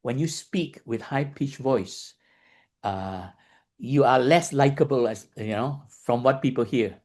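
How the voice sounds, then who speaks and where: A man's voice: mid-range voice, a little slow, darkish tone. A man giving a dharma lesson. He explains patiently, repeats points, and keeps checking in with listeners by asking "okay?" and "right?". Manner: repeats points and restarts phrases. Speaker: meditation teacher.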